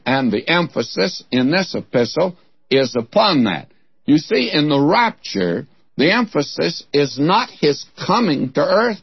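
A man's voice: fairly high pitch, breathy edge, dry recording. A man preaching a Bible teaching sermon, telling stories in a folksy, conversational way, on a dull lo-fi recording.

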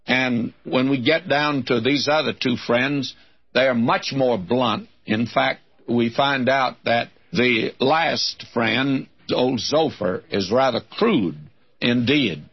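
A man's voice: medium pitch, breathy edge. Folksy man teaching through scripture. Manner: folksy, wry and conversational. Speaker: Bible teacher. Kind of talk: verse-by-verse Bible teaching. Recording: dull lo-fi recording.

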